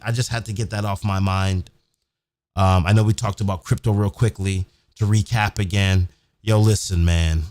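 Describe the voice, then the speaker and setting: A man hosts a live-streamed podcast in a low voice, pressing each point hard and swearing freely. He keeps repeating himself and tags his lines with "man". The sound is close and dry, with no room echo. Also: a little mellow. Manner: emphatic, repetitive, keeps saying "man"; profane, fired up. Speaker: podcast host. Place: home recording setup near a big city.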